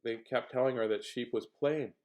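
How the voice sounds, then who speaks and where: A man's voice: medium pitch, steady tone, normal speed, a little mellow. A man reading a picture book aloud, playful with jokes and asides. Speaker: storybook reader.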